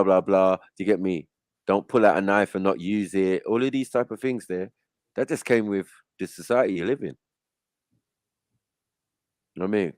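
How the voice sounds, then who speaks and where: A man hosting a panel, arguing his side in a laid-back, low-key manner full of street slang. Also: no echo. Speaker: panel host. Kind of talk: heated casual debate.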